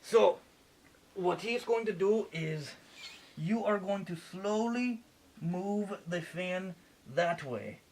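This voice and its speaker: A man's voice: sits high, animated, takes it slowly, a little mellow, a little hiss or hum. A man putting on a French accent, playing a mock surgeon and giving fussy, playful step-by-step instructions. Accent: put-on French accent. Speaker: mock surgeon fixing a computer. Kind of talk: joking home repair video.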